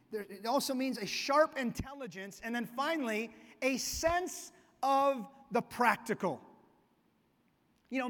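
A man's voice: sits high, fairly bright tone. A man pastor giving a conversational, storytelling sermon in a church sanctuary. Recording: long reverb of a church hall.

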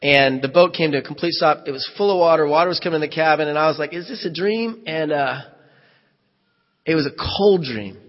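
Male pastor, storyteller, lightly raised pitch, dull lo-fi church recording. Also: fairly even intonation, a little fast. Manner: vivid first-person storytelling with reenacted dialogue. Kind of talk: sermon storytelling. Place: church hall. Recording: echoey hall, dull lo-fi sound.

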